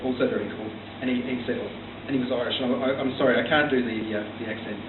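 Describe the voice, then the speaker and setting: Doing his first stand-up set on a small comedy bar stage, a South Australian man with an Australian accent tells dry stories full of ums and restarts. His voice is medium-pitched, steady, and quick, and the recording sounds tinny, distant, and reverberant with a hum.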